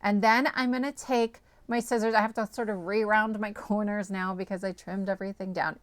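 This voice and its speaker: A woman's voice: medium pitch, steady tone, fairly quick, hardly any pauses, no echo. A woman host walking viewers through a card-making project, chatty and upbeat, often checking in with "okay?" and "right?". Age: adult, parent of small children. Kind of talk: step-by-step crafting tutorial.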